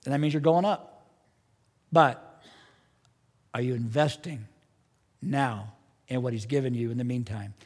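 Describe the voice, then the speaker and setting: A man's voice: medium pitch, unhurried, long pauses, a little mellow, husky. A man preaching a sermon as pastor, earnest and emphatic, with strong rises in his delivery. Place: church sanctuary. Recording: church hall with long reverb.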